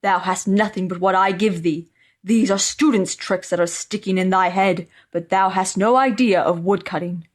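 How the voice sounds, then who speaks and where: A gruff old woodcutter who grumbles and scolds his bookish son in old-fashioned speech, read aloud by a woman. He sounds worn down by hard work and short of money. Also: mid-range voice, fairly even intonation, normal speed, close to an everyday voice. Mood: scolding. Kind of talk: storybook reading.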